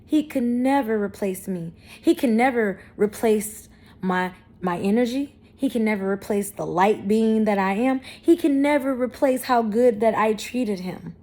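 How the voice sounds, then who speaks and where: A woman's voice: fairly high pitch, measured pace, dark tone. A woman in her thirties talking candidly to camera, blunt and profane, with emphatic, self-affirming spiritual talk. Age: 30s. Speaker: vlogger.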